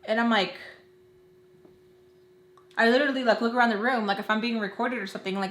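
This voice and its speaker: Young woman doing a storytime vlog, chatty with tons of "like", bright voice, slightly high, echoey room. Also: fairly quick, pauses often. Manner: animated, lots of filler "like", quotes others in lively voices. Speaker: storytime vlogger. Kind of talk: casual storytime. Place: indoors at home doing makeup.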